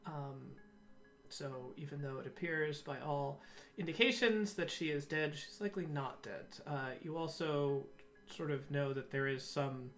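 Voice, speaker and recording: A man narrating as game master of a tabletop game, pausing often with fillers as he describes the scene. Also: a little high, fairly bright tone, soft background music. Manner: hesitant, many fillers.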